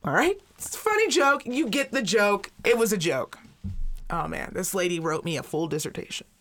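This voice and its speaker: A woman's voice: mid-range voice, sing-song, normal speed, a bit bright, faint music behind. A woman co-hosting a podcast in casual chat, telling stories bluntly and swearing freely. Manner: blunt, profane, storytelling. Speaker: podcast co-host.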